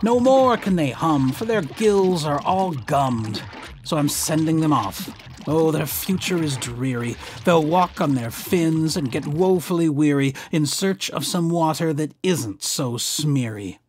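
A man voicing a grumpy, scolding little male forest creature in a storybook reading, with a croaky voice. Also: a little high, expressive, a little slow, a little mellow, slight background noise. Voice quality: croaky, coughing. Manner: snappish, scolding.

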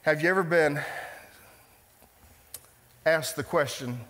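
A man preaching to his congregation in a slightly high voice, driving points home with repetition and direct questions. His voice rings with the long reverb of a church hall. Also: slow pace, a bit bright. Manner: emphatic preacher, repeats phrases, questions the congregation. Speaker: pastor. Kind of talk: sermon.

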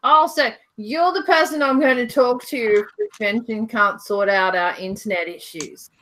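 An Australian woman with a bright, clear tone hosts a relaxed livestream from her couch. She chats easily and reads viewer questions aloud. A faint hiss runs under her voice. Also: on the high side, normal speed. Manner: chatty, reads out viewer questions, laughs often. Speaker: livestream host. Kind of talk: casual livestream chat. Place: home couch.

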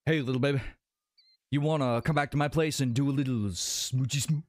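A man putting on a deep, crooning voice as a smooth-talking cartoon ladies' man. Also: fairly even intonation, fairly quick, dry recording, close to an everyday voice. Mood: flirty. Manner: low, crooning come-on voice.

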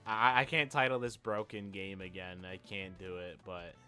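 Soft music plays behind a young gaming creator whose low, pushed, bright voice keeps a steady tone at a moderate pace. Annoyed and swearing a lot, he rants through his gameplay, often circling back and restarting phrases.

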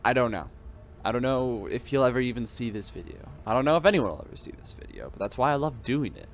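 A young man's mid-range voice swings widely in pitch as he talks fast about his favorite games. This YouTube gamer's casual, reflective ramble is full of enthusiasm and sentence restarts. His headset audio has the highs cut off and slight background noise.

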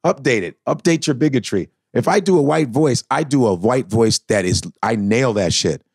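A man chatting as a comedian guest, cussing freely and breaking into impressions. His pitch swings widely and his voice has a husky edge. The sound is dry and close. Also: moderate pace, dry recording. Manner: animated, swearing, slips into voices and impressions. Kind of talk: casual comedic chat with impressions.

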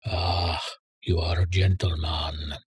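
A man's voice: deep voice, flat delivery, slow, slightly rough, no echo, studio quality, heavily acted. A man doing a whispering, grinning homeless man with a Russian accent. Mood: teasing. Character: homeless man, early thirties, grinning and flirtatious.

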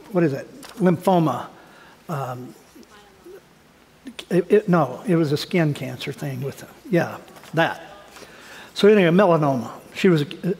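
A middle-aged man pastor giving a sermon, talking conversationally and building to emphatic, raised passages. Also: a little high. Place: church sanctuary. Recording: long church hall reverb.

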